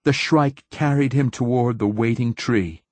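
Husky guy reading an audiobook real slow, low voice, dramatic. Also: a little mellow, no echo. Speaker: audiobook narrator. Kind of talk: scripted narration.

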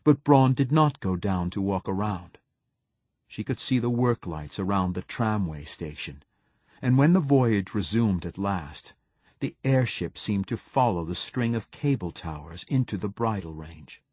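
A man reading a novel aloud as an audiobook narrator, in a measured, even storytelling manner. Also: on the low side, slightly rough, dry recording. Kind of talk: scripted narration.

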